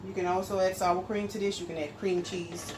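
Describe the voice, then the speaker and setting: A woman who hosts a home cooking channel talks straight to her viewers in a casual demonstration, explaining each step as she stirs and measures. Her voice is on the low side and a little fast, with steady background noise in the recording.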